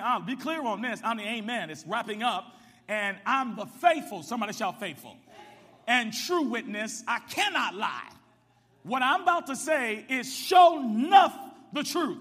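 A man preaches in a high, bright, ringing voice, pulling the congregation into call and response and climbing up to shouts. His microphone carries a long reverb through a big church sanctuary. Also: expressive, normal speed. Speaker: pastor. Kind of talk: sermon. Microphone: microphone with ring.

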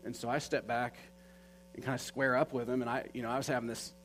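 A man's voice: medium pitch, little pitch movement, quick pace, fairly bright tone, rough recording. A man telling a personal story in an earnest, conversational way, with many fillers. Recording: faint mains hum.

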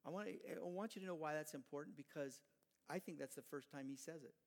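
Brief: conversational male preacher, animated, slightly high pitch. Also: brisk, vocal fry. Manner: animated storytelling, conversational asides. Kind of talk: sermon.

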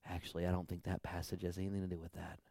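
A man, a pastor, preaching a sermon and telling a story, dropping to a hush and then rising loud and high. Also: little pitch movement, racing, vocal fry, no echo, clean studio sound. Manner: storytelling with big swings from hushed to loud.

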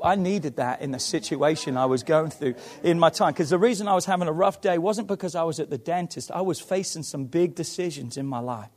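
A man preaching a sermon to his church, emphatic and swinging between loud calls and hushed passages. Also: fairly high pitch, fairly quick. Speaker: pastor.

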